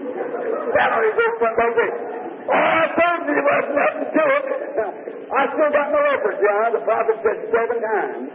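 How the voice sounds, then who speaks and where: Man with a really high lively voice preaching, folksy, plays all the bible folks himself, old tinny tape with light hiss. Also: normal speed, creaky, a crowd in the background. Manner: folksy, acts out Bible characters in dialogue. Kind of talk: sermon storytelling. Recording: tinny archival tape of a hall sermon with faint hiss.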